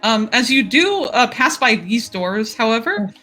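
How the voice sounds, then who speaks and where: A woman running a tabletop game, narrating slowly with plenty of pauses and fillers. Her voice sits a bit high, and faint music plays behind her. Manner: relaxed, hesitant narration with many fillers. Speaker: game master.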